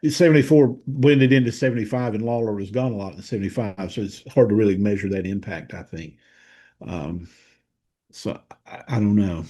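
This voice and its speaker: A man talking things over on a podcast, his voice mellow and a little husky. He muses slowly, often trailing off and restarting his thought. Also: fairly low pitch. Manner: thoughtful, hesitant, many fillers and restarts. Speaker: co-host of a wrestling history show. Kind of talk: casual podcast discussion.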